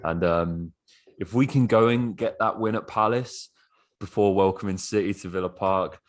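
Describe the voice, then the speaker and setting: Excitable, very low-voiced male podcast host. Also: normal speed. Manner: excitable, swears freely. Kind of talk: casual football podcast chat.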